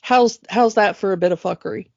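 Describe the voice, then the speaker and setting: A woman co-hosting a podcast, talking in an animated, emphatic way as she rants. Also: mid-range voice, brisk, creaky, no echo. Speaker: podcast co-host. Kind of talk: casual chat. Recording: dull lo-fi dry sound.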